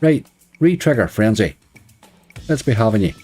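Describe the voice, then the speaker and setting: This middle-aged man with a Northern Irish accent is streaming online slots, chatting casually and grumbling at the game in live-stream commentary. His voice is fairly low and darkish, animated, at a normal speed, with faint music in the background.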